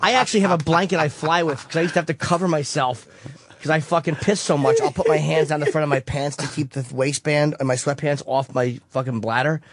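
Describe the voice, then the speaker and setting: A man's voice: on the high side, fairly even intonation, fast talker. A brash, profane man talking casually on a radio talk show. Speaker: comedian guest.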